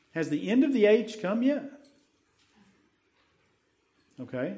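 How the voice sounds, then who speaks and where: A man preaching a sermon, asking the congregation questions and reading scripture with slow emphasis. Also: high voice, big pitch swings, dark tone, husky.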